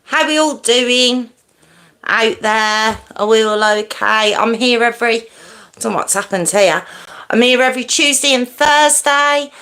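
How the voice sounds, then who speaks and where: A woman's voice: fairly high pitch, measured pace, bright, forceful tone. A woman hosting a live stream, chatting casually with viewers and greeting them by name. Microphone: earpiece in.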